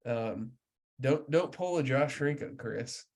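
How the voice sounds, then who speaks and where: A man's voice: mid-range voice, slow pace. Chatty man telling a fishing story. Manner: animated storyteller, many "like"s. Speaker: podcast host. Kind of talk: casual podcast chat.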